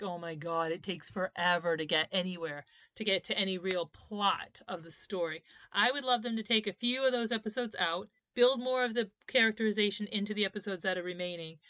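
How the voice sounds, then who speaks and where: A woman's voice: mid-range voice, a bit bright, no room sound. A woman in her thirties co-hosting a casual podcast chat, chatty and opinionated, laughing often. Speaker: podcast co-host.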